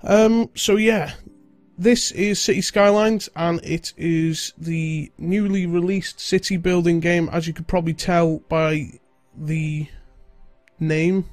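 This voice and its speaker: A man's voice: a little high, fairly even intonation, slow, no echo, soft background music. A young man with a stuffy nose from a cold, chatting casually as host of a game let's-play. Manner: chatty, rambling, British-sounding slang. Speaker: gaming video host.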